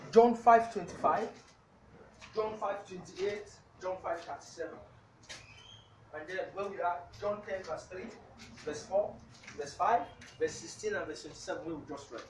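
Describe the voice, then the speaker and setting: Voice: medium pitch, measured pace, pauses often, a little hiss or hum. A preacher delivering a sermon, reading scripture aloud and punctuating almost every point with hallelujah while quizzing the congregation. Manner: asks the congregation questions. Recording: echoey room, voice from a distance.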